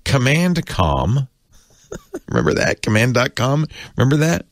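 A man giving casual tech commentary, chatty and jokey, doing quick silly voices for gadgets. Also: medium pitch, very animated, no room sound, clean studio sound.

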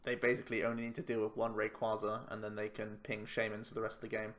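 A man's voice: lowish voice, completely flat delivery, fast, fairly bright tone. Chatty man thinking aloud over a game. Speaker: YouTube card game player. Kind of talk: casual gameplay commentary.

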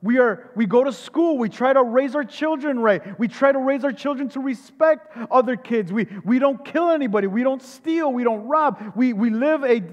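A man's voice: very high voice, moderate pace, hardly any pauses, highs cut off, voice pushed up. A pastor acting out an indignant, defensive worldly man. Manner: defensive, self-justifying, raised voice. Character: indignant worldly adult complaining about church judgment. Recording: long hall reverb.

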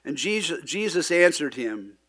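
In a church sanctuary, an earnest pastor delivers a casual sermon in a fairly high voice with big pitch swings at a normal speed. His preaching is conversational, full of restarts and asides, and he acts out quoted lines with sudden loud emphasis. The recording is clean studio sound with no echo.

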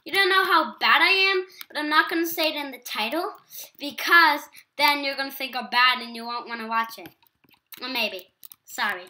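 The teenage gaming YouTuber talks at a normal speed in a high, bright voice with a forceful tone. Speaking with an English accent, she chats casually as she plays a video game, self-deprecating and talkative.

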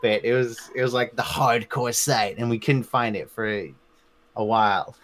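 A man's voice: mid-range voice, fairly even intonation, moderate pace, fairly bright tone. A man chatting casually on a podcast, swearing constantly and rambling through memories. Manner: profane, rambling, frequent swearing.

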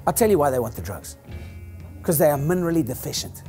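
Animated older man lecturing an audience. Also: a little high, quick pace, faint music behind. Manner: animated, joking, rambling, preacher-like. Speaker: chiropractor giving a clinic talk.

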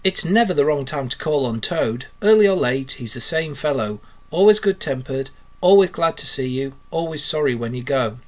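A male teacher reading a storybook aloud, voicing a cheerful, good-natured male water rat in a bright, hearty way. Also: on the high side, animated, normal speed, close to an everyday voice.

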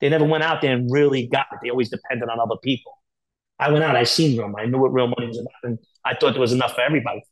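A man with a medium-pitched voice and a steady tone tells candid stories as a podcast guest, and the audio quality is poor. His storytelling in this interview is rapid, blunt, profane and packed with fillers.

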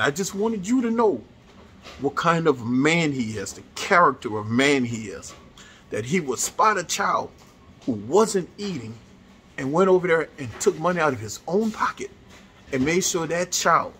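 A man's voice: medium pitch, sharp tone, slight background noise. A man, casually telling a heartfelt story to his viewers, earnest and repeating himself as he goes. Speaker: vlogger.

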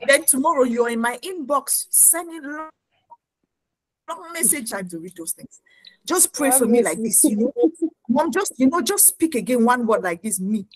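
A woman preacher delivering a lively sermon, mimicking her congregants and laughing often. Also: sits high, normal speed, dry recording, poor audio.

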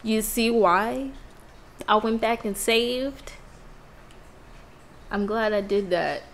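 Excitable woman yelling over a game. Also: on the high side, slow, creaky, slight background noise. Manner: excitable, loud outbursts, swearing. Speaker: gaming channel host. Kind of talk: let's play commentary.

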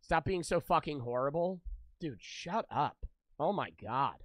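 A man's voice: a little high, lively intonation, unhurried, a bit bright, no room sound. A young man streaming, chatting loosely with his viewers, joking and swearing freely. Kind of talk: casual live-stream chat with viewers.

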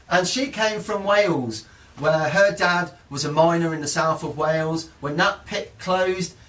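A man's voice: a little high, distant mic. A man, telling family stories to a live audience in a chatty, joking way. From Coventry, England. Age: 40s. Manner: chatty and joking, lively delivery. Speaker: storyteller.

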